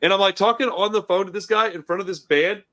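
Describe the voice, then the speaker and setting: A man who runs a record store, telling a story on a casual podcast in an animated, profane way, with lots of "I was like.". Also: high-pitched, quick pace.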